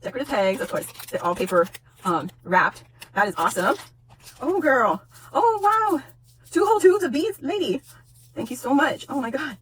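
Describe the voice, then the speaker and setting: A woman in her forties from Guam, hosting a casual unboxing vlog at home, gushing, laughing often and close to tears with excitement. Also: on the high side, normal speed, slight background noise. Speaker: YouTube host.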